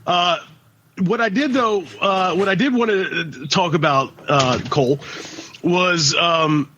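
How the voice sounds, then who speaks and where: A man's voice: high voice, slow pace, muffled recording, a little hiss or hum. A man co-hosting a podcast in casual chat, rambling and swearing, with many restarts. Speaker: podcast co-host.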